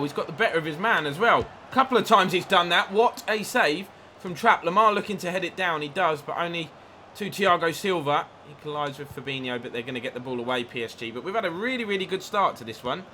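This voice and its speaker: A man's voice: a little high, sharp tone, slight background noise. A man giving chatty play-by-play commentary over his own football video game, livening up at big chances. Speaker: gaming YouTuber.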